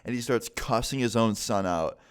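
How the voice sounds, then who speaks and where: A man's voice: on the low side, moderate pace, clear, resonant tone. A young man telling a story in a casual, laid-back way, with plenty of swearing and filler words. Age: young adult. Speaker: vlogger.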